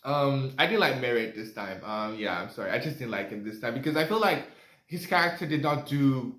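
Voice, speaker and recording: A man's voice: mid-range voice, animated, brisk, a bit bright. A young man giving a casual, rambling movie review, full of fillers and asides. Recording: echoey room.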